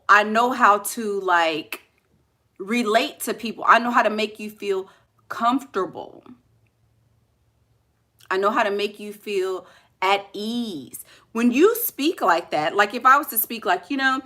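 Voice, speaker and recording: A woman in casual, playful commentary who talks straight to her viewers and laughs often. Her voice is bright and crisp, and her pitch is middling. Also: slow pace, pauses often. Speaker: vlogger talking to live viewers.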